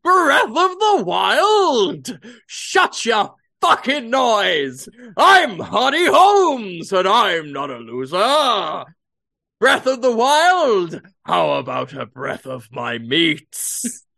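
A man voicing a loud, boisterous bearded man who pushes meats on people, shouting and boasting. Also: big pitch swings, extremely slow, vocal fry, full character voice. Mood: bellowing. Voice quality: booming, shouting, jovial bluster.

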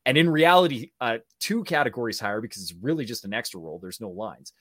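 A man with a Canadian accent, a guest telling stories in casual talk, animated and acting out voices as he goes. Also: medium pitch, fast talker, no echo, clean studio sound. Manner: animated, acts out voices in anecdotes. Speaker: guest, actor and speaking coach. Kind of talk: casual storytelling.

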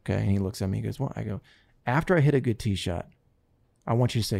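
A man casually telling a long story, acting out what others said in lively voices. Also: medium pitch, fast, gravelly. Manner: animated, quotes others in lively put-on voices.

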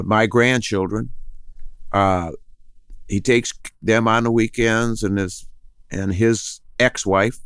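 Slow, smooth-voiced older man. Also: fairly low pitch, fairly bright tone, dry recording, studio quality. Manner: rambling, halting, many restarts; acts out others' voices in quotes. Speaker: guest. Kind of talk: interview storytelling.

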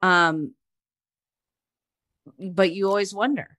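A woman's voice: mid-range voice, slow pace, no echo. A middle-aged woman co-hosting a podcast, a mother who recounts stories casually with wry asides. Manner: relaxed storyteller, wry asides. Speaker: podcast co-host. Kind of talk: casual chat.

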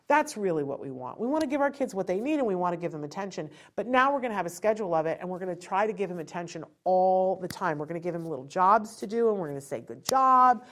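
A woman giving an informal teaching talk to parents. She acts out quotes and keeps asking rhetorical questions. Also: medium pitch. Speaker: parent educator.

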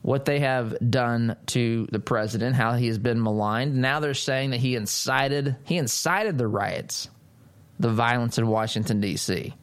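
A man's voice: mid-range voice, a little slow, clean tone. A man hosting a political talk show, giving an emphatic, sarcastic commentary monologue and speaking straight to his listeners.

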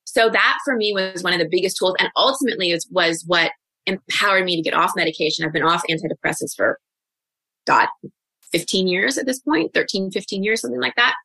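In a podcast interview, a woman in her forties, appearing as a guest coach, speaks reflectively and candidly, dropping in quick asides. Her voice is bright, somewhat low, and creaky. The recording is dry and close-miked, with no echo.

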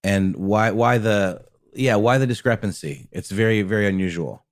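A man co-hosting a casual podcast, talking in an animated, jokey way. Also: on the low side, moderate pace, no room sound, clean studio sound. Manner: animated, jokey, many fillers and restarts. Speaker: podcast co-host. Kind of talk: casual conversational chat.

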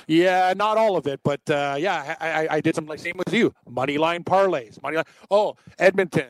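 A man rattles through his betting losses at a rapid clip, his voice sitting a little high. He sounds excitable and self-deprecating as he rambles. The recording is dry and close. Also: no room sound, low-quality recording. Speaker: sports betting podcast co-host. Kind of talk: casual sports betting chat.

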